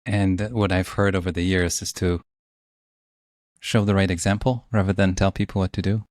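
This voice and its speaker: Reflective low-voiced male podcast host. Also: level tone, normal speed, a little mellow, no room sound, studio quality. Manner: reflective, thinks aloud with restarts. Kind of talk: conversational interview.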